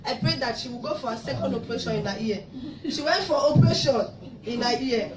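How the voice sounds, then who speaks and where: A woman from Africa giving an emotional testimony at a church service, her voice rising to loud praise. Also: fairly high pitch, fast. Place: church hall in Abu Dhabi. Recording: echoey hall, mic far off, noisy.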